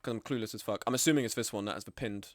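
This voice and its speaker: A man, streaming and chatting casually, animated and blunt, with frequent swearing and mimicking of others. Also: racing, no room sound, studio quality. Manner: animated, swearing, acts out quoted people in higher voices. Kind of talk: casual live-stream commentary.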